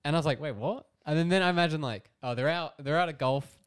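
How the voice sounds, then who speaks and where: Young aussie guy cracking jokes on a podcast, voice a bit high. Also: clear, resonant tone. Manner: joking, quick quips. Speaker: podcast co-host. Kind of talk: casual banter.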